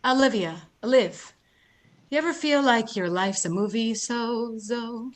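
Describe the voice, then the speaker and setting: Brief: woman as a rambling, anxious young American woman, slightly high voice, video call. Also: unhurried, close to an everyday voice. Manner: rambling, self-deprecating, tearful. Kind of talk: live play reading.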